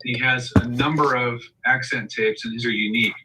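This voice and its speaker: A man's voice: medium pitch, steady tone, fairly quick, far from the mic, noisy background. A man on a video call, an audio engineer, telling a long explanatory story. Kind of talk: casual video call chat.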